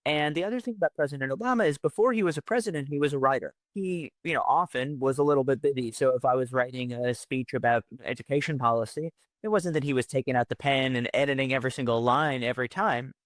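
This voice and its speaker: A man recalling his time as a speechwriter, talking things through and tagging points with a quick rhetorical question. His voice sits at an ordinary pitch. The sound is dry and close, with no room around it. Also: no room sound. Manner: explanatory, rhetorical questions with 'right?'. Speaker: former presidential speechwriter. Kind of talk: interview recollection.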